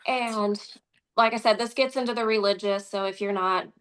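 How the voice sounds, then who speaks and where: Animated Midwestern woman telling her story. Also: mid-range voice, normal speed. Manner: animated, acts out quoted dialogue. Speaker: interview guest. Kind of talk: conversational storytelling.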